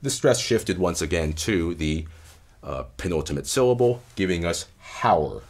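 A man lecturing on linguistics in a measured, explanatory way, stressing key terms as he goes. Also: low-pitched, animated, darkish tone, a little hiss or hum. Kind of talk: academic lecture.

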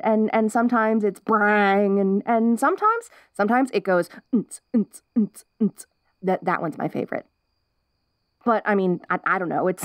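A woman's voice: mid-range voice, no echo, close to an everyday voice. A young woman voicing a perky, curious wolf girl in an ASMR role-play, bubbly and giggly with restless chatter.

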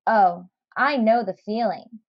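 A woman's voice: a little high, slow pace, no echo, dull audio. A woman voicing a plucky little snail. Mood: kindly. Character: determined little male snail, cheerful and stubborn.

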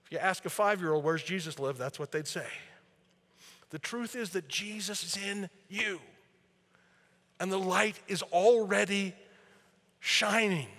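A man preaching a sermon as pastor, animated, swinging between loud emphasis and quiet asides. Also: sits high, unhurried, pauses often, big-room sound. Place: church sanctuary.

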